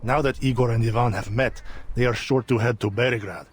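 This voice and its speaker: A man's voice: medium pitch, fairly even intonation, a little fast, slightly rough, lightly acted. A man voicing a ruthless, ambitious male army general who talks in a curt, threatening way in a game. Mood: hard. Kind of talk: game voice acting.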